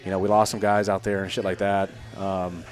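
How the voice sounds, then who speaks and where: A deep-voiced man in his thirties, a former Army Ranger and Green Beret, talks briskly as a podcast guest. He tells stories in a casual chat, animatedly acting out the voices of people he quotes and swearing freely.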